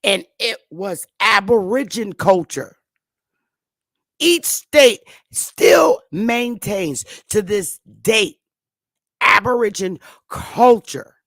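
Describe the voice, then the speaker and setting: A woman's voice: medium pitch, lively intonation, takes it slowly, dry recording. A woman in her fifties with a Connecticut accent, hosting a talk show and lecturing viewers in an emphatic, repetitive way. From Connecticut, USA. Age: 50s. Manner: emphatic and repetitive, drawing words out. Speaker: show host.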